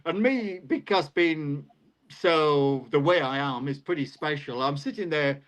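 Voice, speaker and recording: A retired teacher in his sixties, a guest on a live video call, telling stories in a casual chatty way and jumping up in pitch as he recounts exchanges. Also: measured pace, poor audio. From England. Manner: lively storyteller, pitch jumps up when recounting exchanges. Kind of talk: casual anecdotal storytelling.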